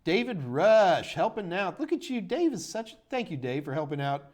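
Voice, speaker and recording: Chatty middle-aged man, fairly high voice. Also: normal speed. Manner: rambling and chatty, full of fillers and restarts, bursts of excited enthusiasm. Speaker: host of a live Q&A stream. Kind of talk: casual live-stream Q&A chat.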